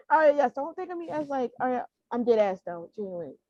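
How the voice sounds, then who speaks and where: Two co-hosts can be heard. This one is a young woman with a high, bright voice who swings between laughing and begging, cursing often. The sound is dry and a bit dull, like a lo-fi podcast mic. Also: sing-song, a little fast, no echo. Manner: emotional, pleading and laughing, swears freely. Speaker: podcast co-host. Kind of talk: casual chat.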